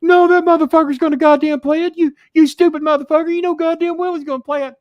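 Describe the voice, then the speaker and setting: A man's voice: fast, no room sound, muffled recording. A man putting on the voice of an irate, cursing older man who rants shrilly on the phone. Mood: furious. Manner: shrill, profane shouting.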